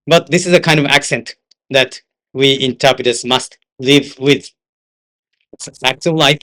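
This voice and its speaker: An unhurried, mid-range, slightly bright voice belongs to an older man with a Japanese accent. As an interpreter leading a seminar, he tells story after story and sometimes breaks into Japanese.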